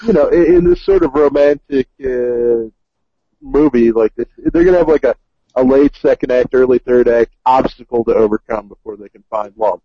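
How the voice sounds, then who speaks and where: A man's voice: medium pitch, husky, dry recording, dull audio. A man co-hosting a casual comedic podcast, sounding baffled and stumbling over restarts. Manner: baffled, halting, lots of restarts. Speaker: podcast co-host. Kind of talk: casual comedic movie review chat.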